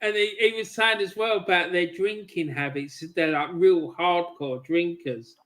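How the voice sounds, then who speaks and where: A man co-hosts a casual football watch-along in a high, bright voice. He stays relaxed and reads out viewer comments as he goes. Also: unhurried.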